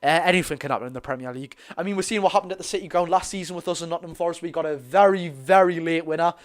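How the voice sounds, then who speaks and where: Excitable Geordie teen calling football. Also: male voice, a little high, very fast, hardly any pauses. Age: teens. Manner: excitable, chatty, calls the play and talks to chat. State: voice going hoarse. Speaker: fan watch-along host. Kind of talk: live football commentary and fan reaction.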